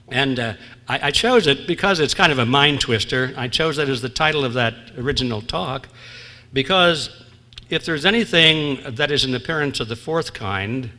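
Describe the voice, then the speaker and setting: In a big historic theatre with long reverb, a man delivers a funny conference lecture at a moderate pace. His mid-range voice sounds pushed and bright, lively in intonation, and he chuckles wryly at his jokes while drawing out the punchlines.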